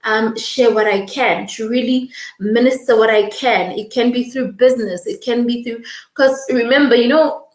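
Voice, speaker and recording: A young woman hosting a livestream in a slightly high voice. She talks quickly and effusively, reading out viewer comments and answering them with warmth. The room around her is noticeably echoey. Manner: warm, effusive, reads viewer comments aloud; fast-talking, emotional, laughing. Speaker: livestream host. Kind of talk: casual livestream chat.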